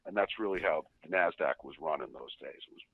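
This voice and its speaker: This podcast guest talks fast in a deep, rumbling, slightly rough voice, laughing through his foul-mouthed stories in casual conversation. It sounds like a dry, tinny phone line.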